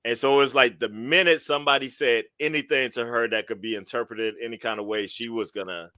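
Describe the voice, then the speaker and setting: A man's voice: medium pitch, fairly even intonation, brisk, sharp tone, dry recording, clean studio sound. A man co-hosting a podcast, chatting casually and rambling with fillers as he recaps episodes. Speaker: podcast co-host.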